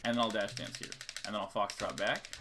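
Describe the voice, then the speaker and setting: A man's voice: on the low side, fast, noisy background. A man coaching a student in a live-streamed game lesson, talking casually and counting out rhythms over and over. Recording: keyboard clicks and typing behind. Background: keyboard clicks and typing.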